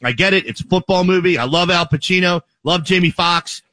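A man's voice: high voice, a little fast, pushed and bright, dry recording. A man in casual podcast banter who jokes and laughs often. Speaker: podcast co-host. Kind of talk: casual chat.

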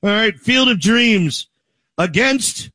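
A rowdy man hosts a casual chat, his voice high and bouncing all over the place. He jokes and shouts at his co-hosts as he drinks. The sound is dry and close. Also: lively intonation, slow, no room sound. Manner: rowdy, joking, drinking while hosting. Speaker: podcast host.

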